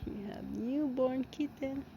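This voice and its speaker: A woman filming her cats at home, talking to them in slow, cooing baby talk and laughing often. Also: high voice, dull audio, noisy background. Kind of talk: casual baby talk to kittens. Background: kittens meowing.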